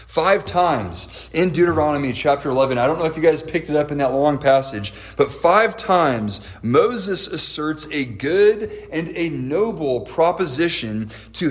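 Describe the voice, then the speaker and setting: A young adult man preaching a sermon, telling stories and acting out quoted lines with a raised voice. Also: fairly high pitch.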